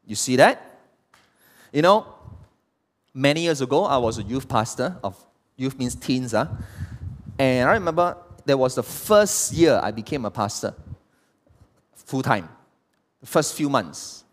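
Animated pastor preaching. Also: male voice, medium pitch, a little slow, pauses often. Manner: animated, tosses rhetorical questions at the congregation. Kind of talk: preaching a sermon. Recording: long hall reverb.

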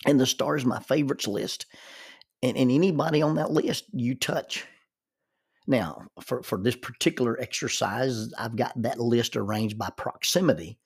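Older guy, kinda gravelly husky voice, stumbles and repeats words, grandpa telling a lesson story. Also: medium pitch. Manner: halting, repeats words when starting sentences. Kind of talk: reflective storytelling monologue.

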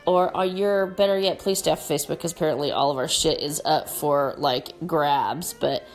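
A woman's voice: sits low, fairly even intonation, normal speed, faint music behind. A woman hosting her own podcast in casual solo talk, her voice nasal and congested from allergies, speaking candidly and emphatically with mild swearing. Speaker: podcast host.

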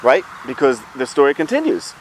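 A man's voice: medium pitch, huge pitch swings, brisk, slight background noise. A man giving an informal Torah lesson, talking things through conversationally with rhetorical questions and restarts. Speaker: Torah teacher.

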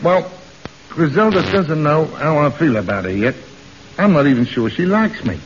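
A man's voice: on the high side, animated, moderate pace, slight background noise. A middle-aged man in a 1950s British radio comedy, playing a bashful, lovestruck tough. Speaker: comic co-star in a radio sitcom. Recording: dull old radio recording.

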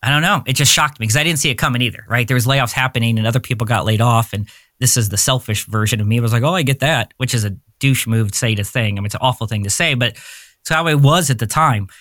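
A man's voice: medium pitch, fast, a bit bright, dry recording, studio quality. A man in his forties, a podcast guest telling his story in a candid, rambling way and often searching for words. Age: 40s. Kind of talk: casual interview storytelling.

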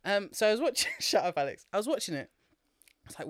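Animated podcaster, dry close mic. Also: medium pitch, fast, no echo. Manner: animated, laughs often, swears freely. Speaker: podcast co-host. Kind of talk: casual chat, retelling a film.

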